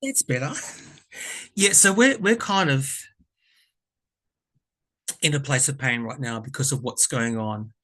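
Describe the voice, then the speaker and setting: A man's voice: medium pitch, a little slow, long pauses, pushed and bright. A man, a tarot vlogger telling a personal story to camera in a rambling, earnest way, often correcting himself and getting emotional.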